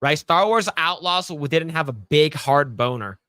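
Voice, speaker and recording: Man, podcast co-host, bright tone, dry sound, blunt and joking. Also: a little high, expressive, normal speed, dry recording. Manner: blunt, joking, crude asides. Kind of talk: casual chat and reading news aloud.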